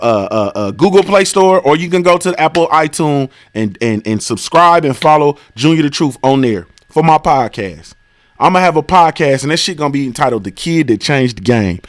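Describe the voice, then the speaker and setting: Profane, high-voiced male boxing host. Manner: profane, repetitive rhetorical questions. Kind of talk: live-stream rant.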